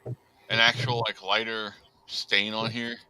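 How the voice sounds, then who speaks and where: A man's voice: on the low side, level tone, slow, crowd noise, rough recording. A man hosting a casual podcast chat, rambling with lots of fillers and speaking bluntly. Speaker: podcast host.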